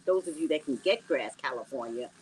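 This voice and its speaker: A woman's voice: low voice, a little fast, a little hiss or hum, poor audio. A woman hosting a casual livestream, joking and reacting to her chat from home without a proper mic. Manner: animated, jokey, talks to viewers and chat. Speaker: psychic livestream host. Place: home indoors. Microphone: no external mic.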